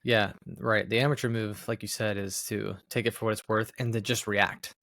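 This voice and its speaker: A man co-hosting a podcast, talking casually and reflectively, often pausing on fillers as he searches for words. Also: on the low side, flat delivery, vocal fry, fairly bright tone, no room sound, studio quality. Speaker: podcast co-host. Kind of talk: casual chat.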